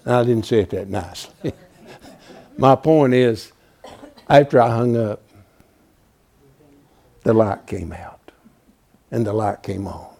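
A man's voice: fairly low pitch, slow pace, creaky, pauses often. A man in his seventies preaching, telling a folksy story with rising animation. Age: 70s. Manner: folksy, animated, builds to loud. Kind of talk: storytelling sermon.

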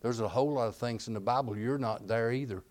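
Male preacher, mid-pitched, swings from hushed storytelling to loud emphasis. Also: fast. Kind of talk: sermon.

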